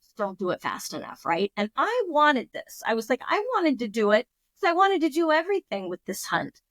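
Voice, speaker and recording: A woman in her fifties, a podcast guest telling a story in a lively, emotional way, with frequent restarts. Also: fairly high pitch, a little fast, dry recording. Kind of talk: casual storytelling.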